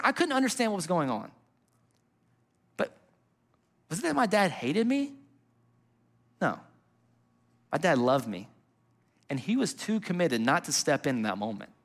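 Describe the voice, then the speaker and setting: A young adult man giving a sermon as a pastor, telling a personal story in a conversational way, with fillers and restarts. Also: medium pitch.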